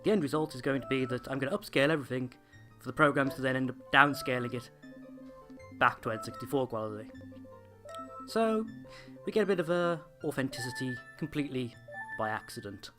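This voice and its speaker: A man's voice: mid-range voice, brisk, over music. A man hosting a let's play, giving comedic game commentary with dry, sarcastic asides.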